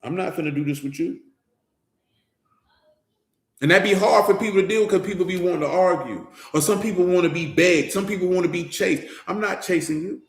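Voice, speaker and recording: A man's voice: high-pitched, brisk. A man giving an informal Bible teaching in a conversational, slangy way, speaking straight to his listeners. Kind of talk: informal sermon. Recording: roomy echo.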